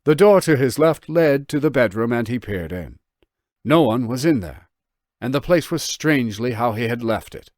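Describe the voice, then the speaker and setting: The author himself narrates this audiobook of his novel, speaking expressively and acting out the dialogue. He has a medium pitch and moderate pace, and the studio sound is clean with no room tone.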